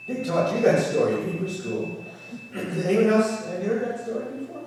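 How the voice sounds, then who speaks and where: A man, a rabbi, telling a folk story to a congregation in an animated, repetitive way. His voice sits a little high and comes from a distance in a very echoey sanctuary. A faint ambient hum lies underneath. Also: normal speed. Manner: animated, repeats words when excited. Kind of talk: storytelling lecture. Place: synagogue sanctuary. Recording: echoey hall, distant mic.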